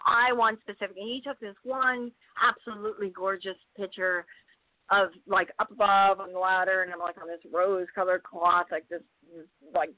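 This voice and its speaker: Chatty actress on a tinny phone line. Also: female voice, medium pitch, moderate pace, dry recording. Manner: animated, full of fillers, acts out loud quoted voices. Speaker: guest actress. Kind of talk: casual podcast storytelling.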